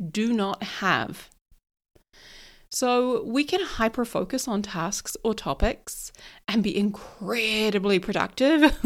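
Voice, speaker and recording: A middle-aged woman from New Zealand with a New Zealand accent that drifts toward American, hosting a solo podcast in a chatty, self-deprecating way. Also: on the high side. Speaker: podcast host.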